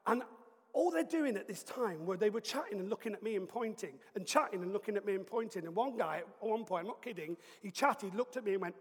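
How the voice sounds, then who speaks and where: A male preacher telling a story in an animated, comic way. His voice is high for a man. It carries the long reverb of a large hall, and he sometimes breaks into bursts of shouting. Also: fast, breathy edge. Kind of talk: storytelling sermon.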